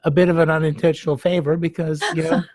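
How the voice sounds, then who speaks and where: A man's voice: on the high side, flat delivery, fast talker, a little mellow, no echo. A man hosting an interview podcast, affirming his guest and talking in long, thoughtful sentences. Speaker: podcast host. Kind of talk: conversational interview.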